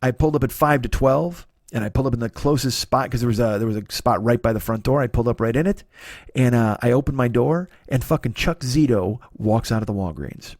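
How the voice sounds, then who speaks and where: A man's voice: medium pitch, fairly quick, darkish tone, no echo, studio quality. A man, hosting a solo comedy podcast, rambling in a profane, self-deprecating way. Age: 40s. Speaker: podcast host.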